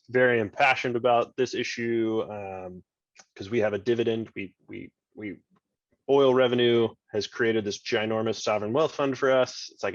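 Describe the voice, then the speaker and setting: A state government chief of staff, appearing as a podcast guest, tells a rambling, casual story full of "like" fillers and restarts. His voice is medium-pitched, and the dry, lo-fi recording sounds dull with no room sound.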